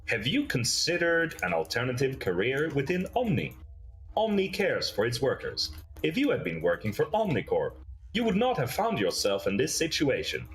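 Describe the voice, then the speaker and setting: A man's voice: mid-range voice, wildly swooping pitch, moderate pace, faint music behind, voice pushed up. A man voicing a stiff, polite male android unit that speaks in formal, mechanical phrases. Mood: cordial.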